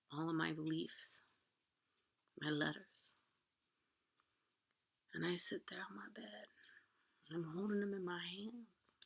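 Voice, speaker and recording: A woman telling a personal story from her own life, moving between hushed whispers and loud, pleading outbursts. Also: fairly low pitch, gravelly, slightly rough.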